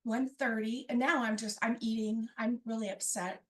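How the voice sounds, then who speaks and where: A woman's voice: on the high side, fairly even intonation, moderate pace. A woman telling a personal story about her family at a live storytelling event, conversational and wry. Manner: conversational, wry, acts out family members' quoted lines.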